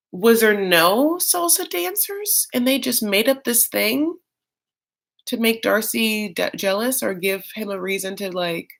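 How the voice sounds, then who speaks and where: A man hosting a live reaction show, chatting casually and animatedly with lots of fillers and campy, self-mocking asides. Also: high voice. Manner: chatty and animated, many fillers, bursts of mock voices.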